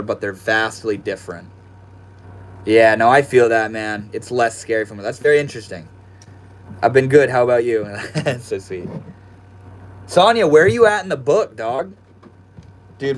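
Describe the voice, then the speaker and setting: A young man hosting a casual livestream from his room at home, chatting with viewers in a laid-back, slangy way. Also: mid-range voice. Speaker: livestream host. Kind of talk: casual livestream chat reading viewer comments.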